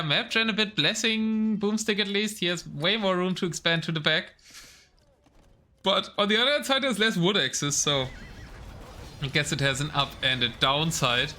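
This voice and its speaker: A man's voice: high voice, bright, forceful tone, a little hiss or hum. A young man casting a strategy game live, with casual play-by-play that drifts into chatting with viewers. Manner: casual, chats with the live chat between calls. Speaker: esports caster.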